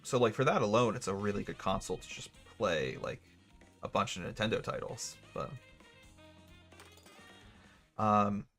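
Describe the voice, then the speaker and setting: A young man with a lowish voice chatting through a live gaming stream. He rambles from thought to thought with a joking, sarcastic streak, and quiet game music plays underneath. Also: animated, moderate pace, long pauses. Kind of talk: gaming livestream chat.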